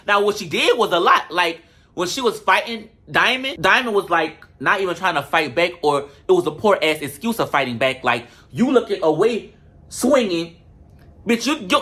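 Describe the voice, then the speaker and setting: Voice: mid-range voice, sharp tone, slightly rough. A vlogger giving a sassy, profane, comedic recap of a reality show and talking straight to viewers.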